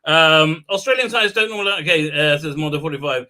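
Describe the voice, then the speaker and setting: A man hosting a casual livestream, chatting with viewers in a rambling, excitable way and laughing often. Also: on the high side, fairly quick. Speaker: livestream host; rabbi. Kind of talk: casual live-stream chat reading viewer comments.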